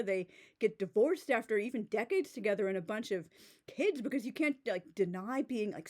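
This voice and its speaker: A woman giving a casual, sarcastic book review, reading out passages and mocking them, with many "like"s and restarts. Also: medium pitch. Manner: sarcastic, filler-heavy with frequent "like" and restarts. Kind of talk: casual commentary video.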